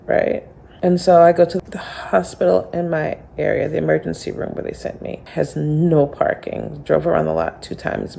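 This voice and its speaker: Gravelly-voiced woman telling a personal story. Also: low-pitched, mellow. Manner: candid, rambling retelling with quoted dialogue. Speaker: homeschool director.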